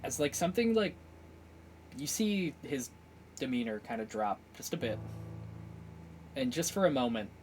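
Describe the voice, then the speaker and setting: A man narrating a tabletop game as game master, halting, with many fillers. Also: medium pitch, animated, a little mellow, slight background noise, rough recording. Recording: clear music bed behind voice.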